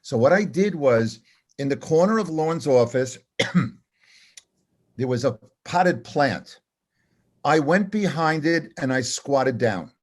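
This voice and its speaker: An older man, a comedy writer, telling an animated, self-deprecating anecdote and acting out the dialogue. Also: on the high side, takes it slowly, pauses often. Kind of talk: storytelling anecdote.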